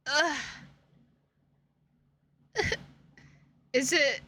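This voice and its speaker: A woman's voice: very high voice, sharp tone. A woman gaming streamer reacting live to a game, dramatic, whiny and exasperated, swearing a lot.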